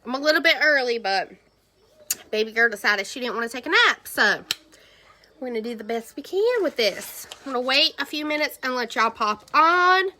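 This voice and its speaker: A woman's voice: high-pitched, animated, moderate pace, bright, forceful tone, a little hiss or hum. A woman, talking casually to her sales team in a livestream from home, rambling around before reaching her point. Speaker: direct sales team leader. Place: at home, cartoons playing nearby.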